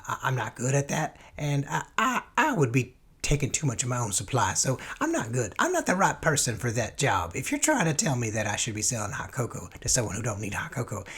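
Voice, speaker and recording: A man playing a folksy Southern man with a Southern US accent, who answers silly interview questions in a rambling, goofy way with a husky voice. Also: heavily acted. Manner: rambling, goofy, sudden jumps in pitch. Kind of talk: comedic mock interview.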